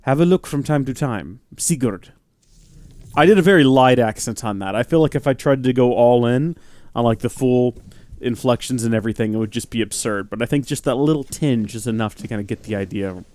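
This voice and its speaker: A man's voice: medium pitch, fast talker, darkish tone, dry recording. A man hosting a let's play, talking casually over the game with rambling, self-deprecating commentary.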